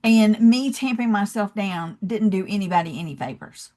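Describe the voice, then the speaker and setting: A woman with a Southern US accent, a podcast guest who tells stories in an animated, chatty way full of "you know" fillers. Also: medium pitch, normal speed. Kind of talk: casual interview chat.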